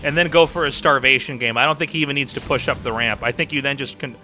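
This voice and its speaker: A man's voice: mid-range voice, fast talker, pushed and bright. A man hosting a game stream, casting a match and chatting casually with viewers. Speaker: caster and stream host.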